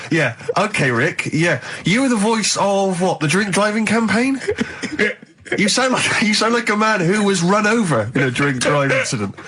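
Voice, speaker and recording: A man's voice: sits high, expressive, moderate pace, hardly any pauses, background noise. A man co-hosting a radio show, making dry, mock-polite digs at the others. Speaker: radio co-host. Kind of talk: casual radio banter. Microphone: studio microphone.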